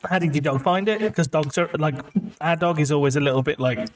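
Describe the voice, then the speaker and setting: A man's voice: fairly high pitch, brisk. English male co-host, light voice, sarcastic banter. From England. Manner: jokey and sarcastic, full of asides. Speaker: podcast co-host. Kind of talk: casual chat.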